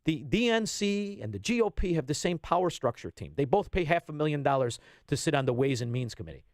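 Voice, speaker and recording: A man, ranting bluntly as a radio guest and swinging between loud bursts and low asides. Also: lively intonation, brisk, no echo, clean studio sound. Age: 50s. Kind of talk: heated political radio talk.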